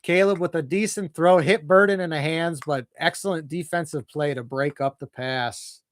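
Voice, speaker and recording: A young man giving nervous, excitable fan play-by-play of a football game, his voice jumping during big plays. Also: a little high, normal speed, no room sound, studio quality. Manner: nervous, excitable, voice jumps when plays unfold. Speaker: fan commentator.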